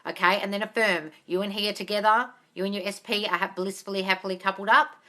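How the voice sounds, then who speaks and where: A woman's voice: medium pitch, fairly even intonation, sharp tone. Blunt, swearing woman coach. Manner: blunt, swears freely, brisk and exasperated. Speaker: manifestation coach hosting a live Q&A. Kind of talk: casual live-stream Q&A.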